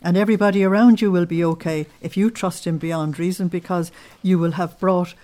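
A woman religious teacher giving a spoken sermon in an earnest, unhurried way, weaving in personal stories. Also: on the low side, fairly even intonation, dark tone.

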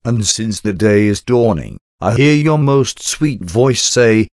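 A man's voice: on the low side, animated, slow pace, hardly any pauses, a little mellow, no room sound, clean studio sound. A man reading a devotional meditation aloud as a solemn, intimate prayer addressed to Jesus. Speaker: devotional reader.

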